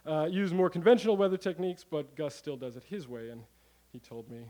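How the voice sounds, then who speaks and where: A man giving a live comic talk to an audience, animated and rambling, with many fillers and the odd curse word. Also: on the high side, fairly quick, low-quality recording. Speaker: comedic presenter.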